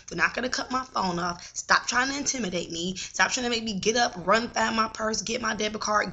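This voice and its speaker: A young adult woman talking straight to camera in a casual vlog, venting in an animated way and swearing now and then. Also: mid-range voice. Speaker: vlogger.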